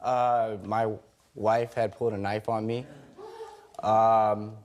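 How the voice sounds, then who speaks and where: A man's voice: on the low side, little pitch movement, slow pace, darkish tone, a little hiss or hum. A man giving testimony in a TV courtroom, retelling a fight at length and acting out the lines he quotes. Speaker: husband in a TV court case.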